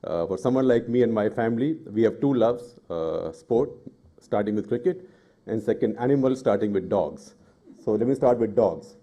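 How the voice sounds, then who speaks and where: On a panel, a middle-aged Indian journalist with a lowish voice and lively intonation speaks at a normal pace. He tells a story, then argues with growing indignation, his forceful tone rising in anger in this impassioned public talk.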